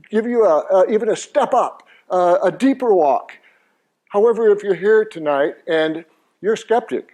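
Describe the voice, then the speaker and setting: A man's voice: a little high, darkish tone. Upbeat older man teaching a church group. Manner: jovial, engaging the audience with questions and jokes. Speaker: speaker presenting a Christian apologetics course. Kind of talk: teaching presentation to a live audience. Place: church meeting room before an audience.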